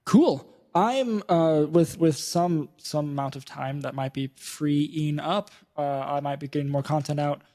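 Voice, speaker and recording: A man's voice: on the high side, unhurried, few pauses, dark tone. A man hosting a casual gaming podcast, chatting in an upbeat, self-deprecating way. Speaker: podcast host.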